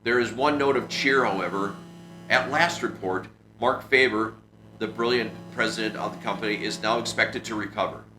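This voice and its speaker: A man reading the lines of a male radio news announcer in a measured bulletin delivery. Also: lowish voice, bright, forceful tone. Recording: roomy echo with music behind.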